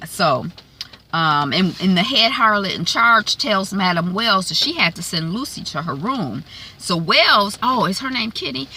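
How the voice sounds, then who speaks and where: Chatty woman recapping a show, bright clear voice, lots of ums and restarts, bit of hiss behind. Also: mid-range voice. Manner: chatty, rambling, many fillers and restarts. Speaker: TV recap vlogger. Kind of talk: casual episode recap.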